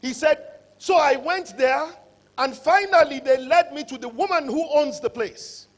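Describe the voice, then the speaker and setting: A man's voice: very high voice, a little slow. A middle-aged man gives a motivational conference speech, telling a story and acting out the dialogue. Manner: animated, acts out dialogue in stories. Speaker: conference speaker.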